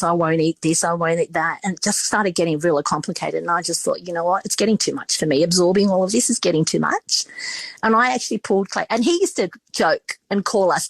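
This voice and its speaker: A woman's voice: fairly low pitch, breathy edge, dry recording, low-quality recording. A middle-aged woman with an Australian accent telling stories in a casual interview, chatty and full of restarts and quoted dialogue. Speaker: restaurateur and podcast guest.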